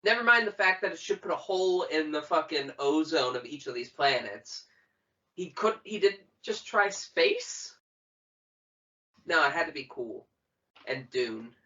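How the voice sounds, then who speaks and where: Sarcastic bright-voiced podcast co-host. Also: medium pitch, expressive, a little slow. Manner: sarcastic, teasing, swears freely. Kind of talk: casual chat over a movie. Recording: muffled, a bit distant from mic.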